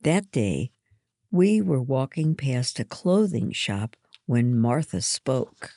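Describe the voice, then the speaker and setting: A woman reading a children's storybook aloud, slow and measured. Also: a bass voice, big pitch swings, dark tone, no echo, studio quality. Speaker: reader. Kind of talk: storybook narration.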